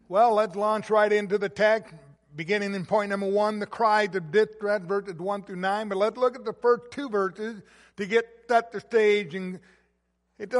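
A preacher delivering a sermon, emphatic, repeating key phrases and swelling louder on the points he stresses. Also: high voice, unhurried. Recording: long hall reverb.

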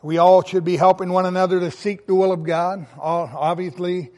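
A man's voice: high voice, level tone, moderate pace, a little mellow, big-room sound. A man preaching a sermon, reading scripture aloud and stressing key words with emphasis. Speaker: pastor.

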